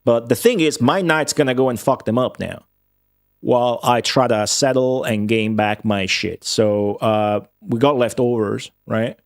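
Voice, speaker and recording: A young man streaming a strategy game, talking to viewers in excitable commentary full of swearing. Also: medium pitch, a little slow, no echo, clean studio sound. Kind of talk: casual gameplay commentary.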